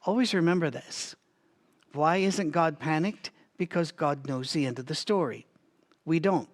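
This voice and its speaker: Unhurried and fairly high-pitched, this male voice guides a Bible study in a conversational teaching manner. He thinks out loud, restarts and wanders into asides, coughing every so often from a recurring cough.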